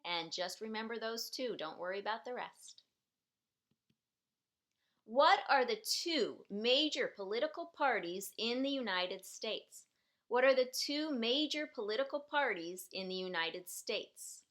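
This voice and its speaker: Slow, bright-voiced woman teacher. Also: fairly high pitch, lively intonation. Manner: patient, repeats questions and sentences for learners. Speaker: citizenship class teacher. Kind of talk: slow, clearly enunciated teaching.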